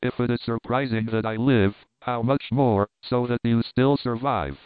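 A man's voice: mid-range voice, steady tone, normal speed, smooth, dry recording, phone-quality sound, lightly acted. A man doing a haggard, gloomy officer. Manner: gloomy, despairing. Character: haggard, desperate, gloomy German officer, male.

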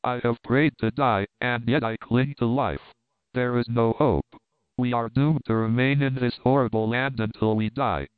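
A man's voice: mid-range voice, steady tone, moderate pace, clear, resonant tone, no echo, narrow, tinny audio, lightly acted. A man voicing a haggard, despairing officer, speaking gloomily. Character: haggard, desperate, gloomy German officer, male.

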